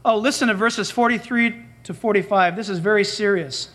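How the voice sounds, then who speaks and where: A man's voice: high voice, normal speed, a bit bright. A man preaching a sermon as pastor, emphatic and dramatic, acting out the dialogue he quotes.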